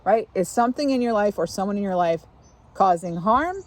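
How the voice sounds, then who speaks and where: A woman giving a casual tarot reading, musing aloud in a relaxed way and often pausing on fillers as she takes in impressions. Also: medium pitch. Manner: musing, intuitive, many fillers and asides. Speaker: tarot reader. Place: outdoors.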